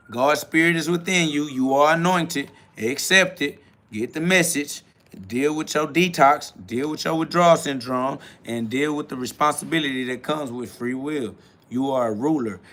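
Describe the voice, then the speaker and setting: A man's voice: on the high side, creaky, fairly bright tone. A man hosting a spiritual self-talk podcast, preaching in a profane, mocking street style. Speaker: podcast host. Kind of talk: motivational spiritual monologue.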